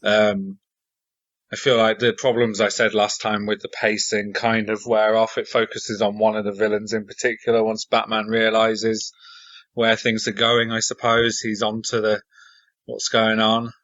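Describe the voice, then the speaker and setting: Wry man with a bright, lowish voice. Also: completely flat delivery, moderate pace, no echo. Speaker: podcast panelist. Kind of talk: casual chat. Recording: slightly muffled lo-fi audio.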